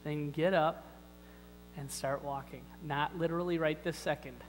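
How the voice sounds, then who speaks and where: A man's voice: on the high side, steady tone, normal speed, big-room sound, faint music behind, low-quality recording. A man preaching a sermon in a church, talking in a conversational, wry way with many rhetorical questions. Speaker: pastor. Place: church sanctuary.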